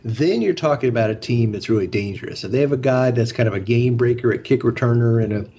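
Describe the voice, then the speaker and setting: A man co-hosting casual sports analysis, measured, with many fillers. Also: mid-range voice, mellow, slightly rough. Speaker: podcast co-host. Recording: slightly dull lo-fi audio.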